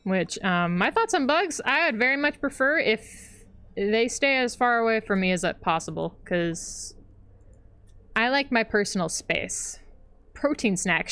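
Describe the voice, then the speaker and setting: A woman's voice: on the high side, animated, unhurried, fairly bright tone, clean tone. A young adult woman streaming a game and chatting casually, rambling with lots of fillers and frequent laughter. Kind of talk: casual chat while gaming.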